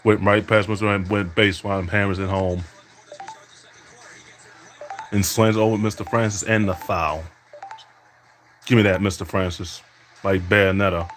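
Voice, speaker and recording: A man's voice: low-pitched, steady tone, unhurried, long pauses, fairly bright tone, faint music behind. A man giving trash-talking play-by-play while playing a basketball video game, mixing mock announcer calls with taunts at his opponent.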